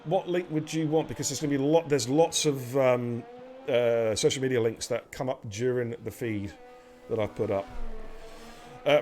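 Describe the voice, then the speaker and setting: Chatty male race caller, a touch high-pitched, banters between laps. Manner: chatty, banters with viewers and co-host. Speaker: race commentator. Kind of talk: live sim racing commentary.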